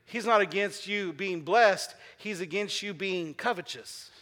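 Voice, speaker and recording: A man preaches to his congregation in a high, bright voice, often asking questions and waiting for answers. He drives points home by repeating short phrases several times. His voice rings with the long reverb of a large church hall. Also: unhurried. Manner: repeats key phrases for emphasis. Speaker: pastor. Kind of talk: sermon. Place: church sanctuary.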